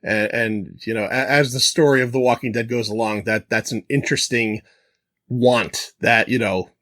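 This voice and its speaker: A man's voice: medium pitch, steady tone, normal speed, a bit bright, no room sound, clean studio sound. Man reflecting thoughtfully in podcast chat. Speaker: podcast co-host. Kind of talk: casual chat.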